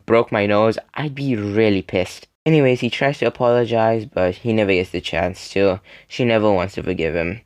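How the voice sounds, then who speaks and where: Young man rambling through a story. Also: on the low side. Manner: rambling, filler-heavy, laughs between sentences. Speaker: storytime video creator. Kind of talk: casual storytelling.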